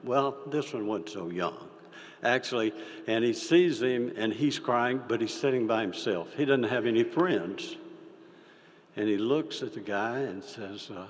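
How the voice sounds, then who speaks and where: An older man giving a folksy, halting speech as a state senator, with many fillers and restarts. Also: medium pitch. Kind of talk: folksy speech with a told story. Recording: reverberant hall.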